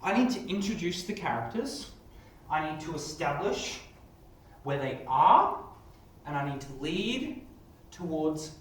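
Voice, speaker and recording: A man's voice: fairly high pitch, recorded from a distance, a little hiss or hum. Man teaching story writing in an echoey room. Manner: animated, thinking aloud. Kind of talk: demonstrating story writing, thinking aloud.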